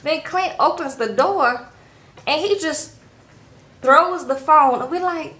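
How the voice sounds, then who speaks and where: A woman vlogger with a high, sharp voice recaps a reality show slowly, speaking straight to her viewers from a room at home. Her chatty delivery is full of fillers, and the recording is rough.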